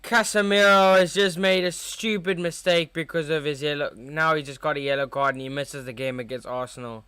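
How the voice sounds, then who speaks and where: A young man hosting a live football watchalong, reacting to the match with chatty, excitable fan commentary. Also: fairly high pitch, a little fast, few pauses, smooth, dry recording.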